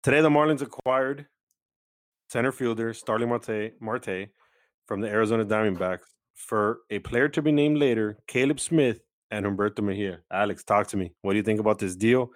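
A man's voice: fairly low pitch, moderate pace, dry recording. Dude hosting a sports pod from his house, chatty and upbeat, dry close sound. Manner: upbeat, chatty, many fillers. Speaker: podcast host. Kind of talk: casual sports chat. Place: at home.

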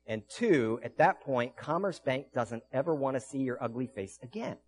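A man preaching as pastor, telling stories with earnest conviction and frequent restarts. His voice sits at an ordinary middle pitch. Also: animated, normal speed. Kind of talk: sermon.

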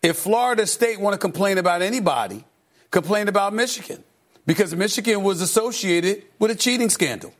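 A man hosting a sports debate show, speaking emphatically and deliberately. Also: high voice, lively intonation. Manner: emphatic, deliberate, repeating points. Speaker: host.

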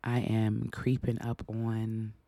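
A middle-aged woman hosts her podcast in a mellow, dark-toned voice, speaking earnestly and haltingly with frequent restarts. The sound is dry and close, with no room around her. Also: a bass voice, monotone, no echo. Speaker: podcast host. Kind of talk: reflective podcast monologue.

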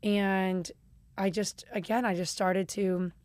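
Animated woman telling candid stories. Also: medium pitch, slow pace, dry recording. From Chicago. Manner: animated, acts out quotes, swears casually. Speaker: guest. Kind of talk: candid conversational storytelling.

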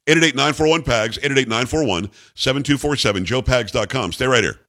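A man's voice: medium pitch, fairly quick, a bit bright. A man hosting a talk radio show, reading news items aloud and mocking them in a combative, sarcastic way. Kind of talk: opinionated talk radio monologue.

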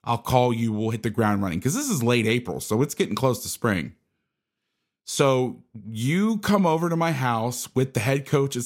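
A man who coaches football, telling a casual story and acting out the conversations in it. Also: mid-range voice.

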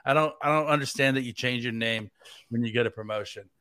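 Filling in as host of a sports podcast, an American man based in Tampa, Florida talks fast with a bright, forceful, mid-range voice and no room sound. His banter is playful, jokey, and meandering.

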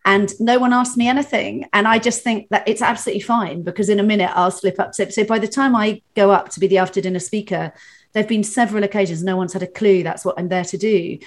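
A woman's voice: mid-range voice, steady tone, quick pace. A woman from Britain, a comedian and corporate speaker, chatting casually with fillers and restarts. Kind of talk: casual conversation.

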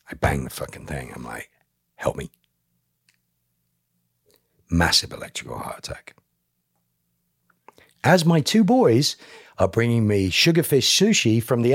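Low husky man telling a story. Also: no room sound, clean studio sound. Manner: animated retelling, acting out other people's lines. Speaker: podcast guest. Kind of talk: emotional storytelling.

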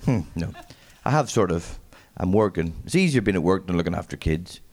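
A young man with a strong accent doing a stand-up comedy set, mumbling and wry in a deadpan way. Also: low-pitched, brisk. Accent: strong regional accent. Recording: noisy live venue recording.

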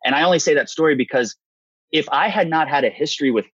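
A man's voice: fairly high pitch, quick pace, husky, no room sound, lo-fi sound. A man in his thirties, a guest in an interview, telling a candid personal story and acting out the voices of the people in it. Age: 30s. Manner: animated storyteller, acts out quotes.

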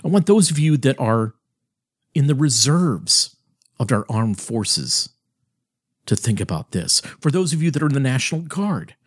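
A man delivering a heated, sarcastic political monologue as host, with sharp emphatic swings in his voice. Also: medium pitch, slightly rough, no echo, studio quality.

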